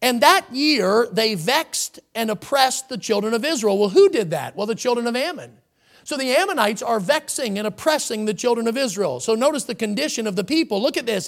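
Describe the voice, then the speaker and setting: A man preaching with lively, swinging pitch. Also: moderate pace, creaky. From United States. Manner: preaching with rising emphasis, reading scripture aloud. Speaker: pastor. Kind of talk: sermon. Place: church sanctuary.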